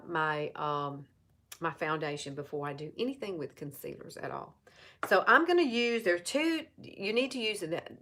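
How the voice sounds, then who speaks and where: A woman in her fifties with a lowish voice and an Alabama Southern accent. She walks viewers through a makeup routine in a chatty, casual way, repeating her points and speaking to them directly. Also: fairly bright tone. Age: 50s. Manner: chatty, repeats herself, talks straight to viewers. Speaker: makeup seller and vlogger. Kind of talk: casual live makeup tutorial.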